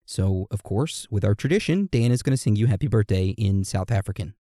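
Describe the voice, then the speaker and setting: A man co-hosting a podcast in casual chat, playfully reading out listener messages and birthday shout-outs. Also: on the low side, lively intonation, a little fast, dry recording, studio quality. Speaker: podcast co-host.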